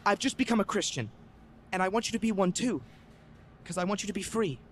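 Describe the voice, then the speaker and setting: An eager eighteen-year-old convert, earnest and polite in a radio drama. His voice sits very high, with faint noise under the recording. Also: expressive, fairly quick. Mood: earnest pleading. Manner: earnest, polite, says sir often.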